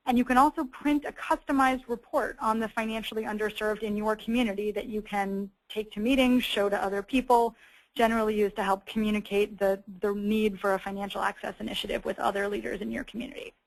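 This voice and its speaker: Woman doing a webinar demo, friendly explainer, lots of ums, mid pitch. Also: steady tone, fast talker, creaky, low-quality recording. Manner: explanatory, friendly, with frequent um and uh fillers. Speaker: webinar presenter. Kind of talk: presenting a webinar with a screen walkthrough.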